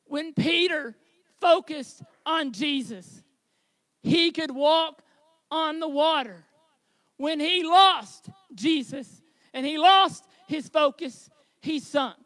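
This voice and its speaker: A man preaching a sermon as pastor, with a high tenor voice, earnest and building to shouted exhortation. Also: slow pace, no echo.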